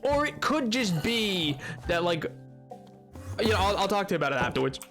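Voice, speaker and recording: A man's voice: high-pitched, sing-song, normal speed, a bit bright, faint music behind. A man streaming a game, chatting casually and playfully and joking with his viewers. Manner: playful, jokey, banters with chat. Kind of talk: casual gameplay commentary.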